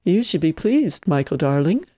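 Reader doing a snooty older aunt, fake posh, mellow dark tone. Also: medium pitch, sing-song, moderate pace. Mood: pompous. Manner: affected, grandiose. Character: pompous older aunt with a pseudo-cultured voice.

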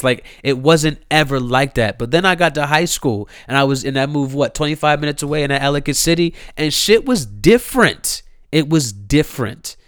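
A mid-range, slightly bright voice with a clean tone, recorded at studio quality with no room sound. The speaker is a young Columbia, Maryland man on his own show, giving a casual solo rant that's slangy, profane and full of repeated phrases.

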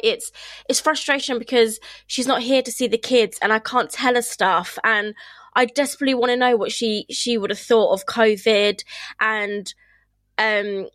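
A woman's voice: a little high, a bit bright, dry recording. A woman, chatting candidly and emotionally on a podcast, often laughing and restarting her sentences. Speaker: podcast host. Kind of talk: casual chat.

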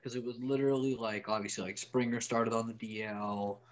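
A man's voice: medium pitch, level tone, fairly quick. A man co-hosting a sports podcast, chatting in a wry, offhand way with plenty of likes and ums. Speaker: podcast co-host. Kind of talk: casual sports podcast chat.

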